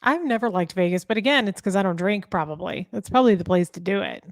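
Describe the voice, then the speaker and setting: A woman's voice: medium pitch, quick pace, no room sound. A woman co-hosting a casual live stream, making dry, teasing remarks and exasperated asides. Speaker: livestream co-host.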